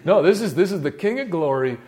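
A man preaching a sermon in a casual, slangy way, dropping to hushed, low murmurs and rising to loud, impassioned peaks. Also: lively intonation, a little fast.

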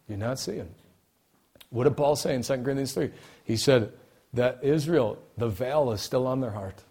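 Speaking at a normal speed in a husky, mid-range voice, a preacher moves back and forth between soft, quiet stretches and loud, forceful outbursts, hammering key phrases through repetition.

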